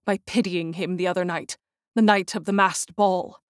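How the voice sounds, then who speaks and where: A woman voicing a despairing young nobleman who speaks in a quiet, earnest tone. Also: steady tone, moderate pace, clean tone, dry recording, clean studio sound, close to an everyday voice. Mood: grieving, hushed. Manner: hushed, low and earnest.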